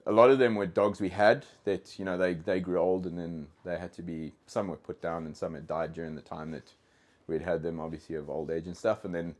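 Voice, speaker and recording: A man with a South African accent talks as a guest on a casual podcast. His voice sits very low, and his telling wanders, doubling back with fillers and false starts. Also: steady tone, a little fast, a little mellow. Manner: rambling, with frequent restarts and fillers. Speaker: guest, dog trainer.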